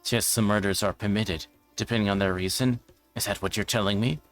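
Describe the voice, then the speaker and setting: A man reading a visual novel aloud, voicing a cold, politely menacing middle-aged male killer with a measured, taunting manner. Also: on the low side, fairly even intonation, a bit bright, soft background music, lightly acted. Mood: calm menace.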